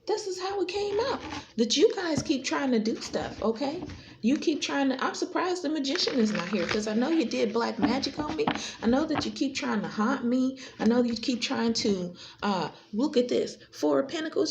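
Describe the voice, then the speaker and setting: Woman tarot vlogger, gravelly and combative, a faint hiss behind her. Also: sing-song, normal speed. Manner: confrontational, repetitive, swings between high and low pitch. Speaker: tarot reader. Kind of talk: direct-to-camera tarot reading.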